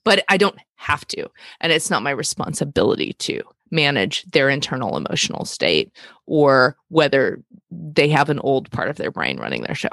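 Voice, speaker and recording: A woman co-hosting a conversational talk, explaining ideas about relationships and stressing key points slowly. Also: rumbling low, big pitch swings, vocal fry, fairly bright tone, dry recording, clean studio sound.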